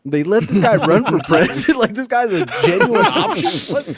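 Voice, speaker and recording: A man's voice: extremely high pitch, wildly swooping pitch, normal speed, gravelly, a loud crowd. A man in casual podcast chat, joking, laughing and swearing freely.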